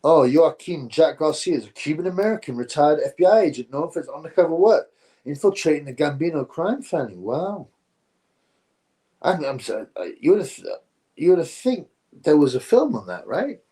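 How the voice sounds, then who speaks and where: Male stream host, relaxed rambling chat delivery. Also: on the high side, normal speed. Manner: rambling, drifts between topics, says "bro" often. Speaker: livestream host reading chat. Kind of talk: casual live-stream chat.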